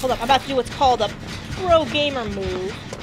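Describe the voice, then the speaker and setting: A woman's voice: a little high, expressive, a little fast, noisy background. A woman giving casual, jokey commentary while streaming a video game, talking to the characters on screen. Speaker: gameplay streamer.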